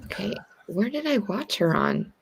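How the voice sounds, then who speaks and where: A woman's voice: mid-range voice, huge pitch swings, normal speed, creaky, husky. A woman calling into a friend's livestream and teasing him in a bossy, playful way. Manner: teasing, bossy, talks over. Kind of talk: casual teasing chat.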